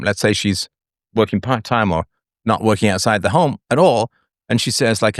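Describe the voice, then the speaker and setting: A middle-aged man holds forth as host of a live call-in show, his pitch swinging widely as he acts out the people he quotes. The sound is close and dry, with no room around him. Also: moderate pace, no echo. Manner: animated, acts out quoted voices, sings snatches. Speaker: podcast host. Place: online audio space.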